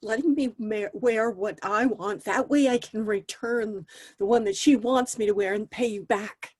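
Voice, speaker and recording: A woman's voice: on the high side, animated, moderate pace. A woman in an improv scene, talking hesitantly with many ums. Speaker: improv performer.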